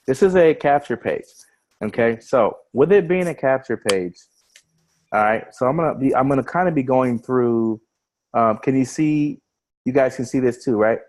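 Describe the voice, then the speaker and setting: A man's voice: mid-range voice, normal speed, darkish tone, rough recording. A man giving a casual screen-share webinar walkthrough as an online marketing trainer. He talks over a video call, often repeating words and restarting phrases as he explains.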